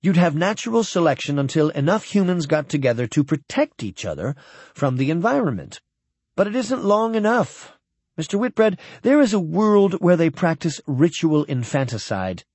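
A man's voice: fairly high pitch, a little mellow, husky, dry recording. A man reading an audiobook, voicing an eager, talkative young noblewoman lecturing on science. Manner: earnest, chatty.

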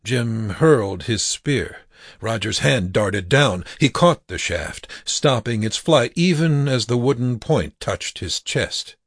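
A man narrating an audiobook in a slow, measured reading. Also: medium pitch, animated, no room sound, studio quality. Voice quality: gravelly, husky.

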